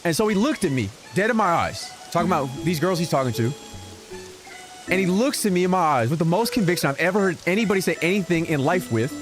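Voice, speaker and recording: A man streaming a game and telling a story in casual chat, animated and given to exaggerated repetition. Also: high voice, fast talker, music in the background. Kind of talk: casual storytelling while gaming.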